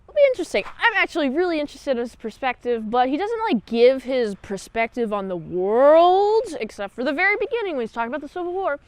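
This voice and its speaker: A chatty woman reviewer talks through an episode in a loose, rambling way, full of asides and silly jokes. Her voice is fairly high and animated, with a close, dry sound. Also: fast talker, hardly any pauses, no echo. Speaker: show host, episode reviewer. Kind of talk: casual recap and review.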